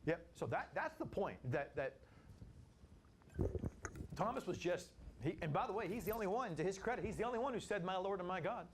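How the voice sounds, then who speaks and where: A man leads a Bible study in a casual, animated way and acts out the figures he talks about. His voice sits a touch high and swings widely in pitch. A faint hiss of noise sits behind him. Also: fairly quick.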